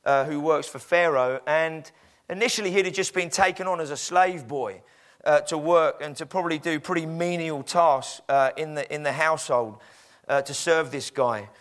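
A man preaches in a loose, chatty storytelling manner, with many fillers. His voice sits high for a man. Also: moderate pace, a bit bright. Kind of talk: sermon.

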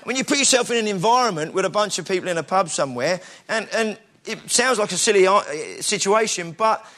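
Lively in intonation and a little fast, this middle-aged British man's high, fairly bright voice carries a casual, chatty sermon. As a preacher with a British English accent, he frequently restarts and makes fun of himself along the way.

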